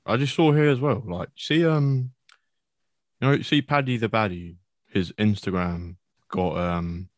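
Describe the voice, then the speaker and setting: A man's voice: lowish voice, measured pace, dry recording. A man co-hosting a podcast, chatting enthusiastically about fighters and saying "mate" a lot. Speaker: podcast co-host. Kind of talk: casual MMA fight recap.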